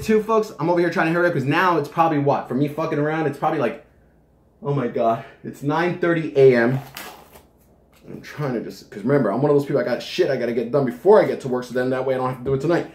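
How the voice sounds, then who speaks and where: A man's voice: mid-range voice, fast talker, darkish tone, roomy sound, slight background noise. A man reviewing a supplement in a casual vlog from his home kitchen, joking and swearing as he rambles.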